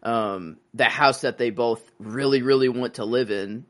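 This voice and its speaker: A man's voice: medium pitch, unhurried. A man co-hosting a casual movie-discussion podcast, rambling and acting out scenes in character voices. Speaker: podcast co-host.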